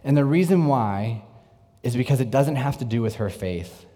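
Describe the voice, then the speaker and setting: A man preaching a sermon in an earnest way, moving between lively bursts and hushed, intense passages. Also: mid-range voice, normal speed. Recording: long reverb, echoey hall.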